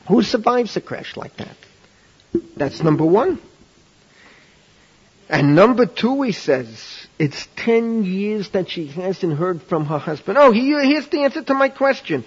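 Husky high-voiced man lecturing on a lo-fi tape. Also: moderate pace. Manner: animated, jokey storyteller mixing in Yiddish and Hebrew. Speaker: rabbi teaching a class. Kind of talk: lecture on rabbinic law.

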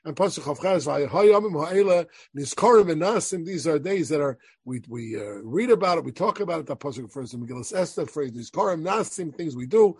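Husky-voiced man teaching a Torah class. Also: a little high, animated, quick pace, hardly any pauses, darkish tone, no echo. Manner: reads Hebrew verses aloud then explains them, checks in with "right?". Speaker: rabbi teaching a weekly class. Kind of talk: lecturing on Jewish law from source sheets.

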